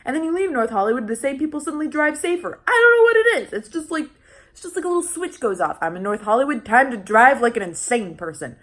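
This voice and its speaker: A woman's voice: high voice, sing-song, fast, a bit bright. Chatty young woman vlogging. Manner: chatty, many fillers and restarts, laughs often. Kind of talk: casual vlog chat.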